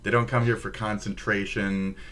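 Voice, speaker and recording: A man's voice: on the low side, flat delivery, normal speed, fairly bright tone. A man from Minnesota with a Minnesotan accent, chatting profanely and rambling on a livestream. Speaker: streamer. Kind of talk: casual livestream chat.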